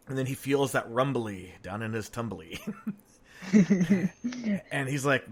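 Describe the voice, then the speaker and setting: A man's voice: medium pitch, sing-song, takes it slowly, breathy edge. A man hosting a podcast, telling jokes in casual chat and laughing at his own punchlines. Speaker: podcast host.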